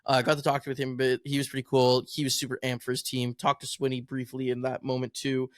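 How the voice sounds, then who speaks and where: A man's voice: medium pitch, completely flat delivery, fast talker, no room sound, studio quality. A man co-hosting a podcast, chatting casually about esports and rambling through stories. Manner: rambling storytelling. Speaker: podcast co-host and content creator.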